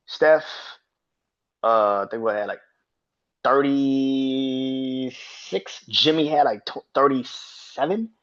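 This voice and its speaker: A man's voice: mid-range voice, fairly bright tone, muffled recording. A man hosting a sports podcast, ranting in a profane, heated way and repeating himself when worked up. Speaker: podcast host. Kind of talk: casual sports rant.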